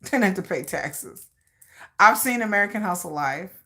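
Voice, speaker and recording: A livestream host with a mid-range voice at normal speed chats casually with her audience. She launches into a dramatic, playful rant, laughing a lot and reacting animatedly to viewer comments.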